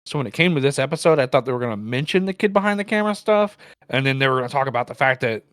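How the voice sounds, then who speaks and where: A man chats through a casual commentary show, wandering through his points with lots of fillers and restarts. His voice sits at an ordinary pitch and comes across dry and close to the mic. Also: expressive, rapid-fire, a bit bright, dry recording. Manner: loose, filler-heavy, rambling. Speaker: co-host.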